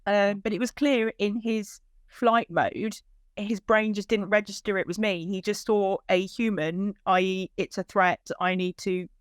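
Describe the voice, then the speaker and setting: A mid-range, smooth female voice at a measured pace, recorded at studio quality with no room sound. She tells of searching for her lost dog, voicing the dialogue in an animated retelling that lifts when emotion hits.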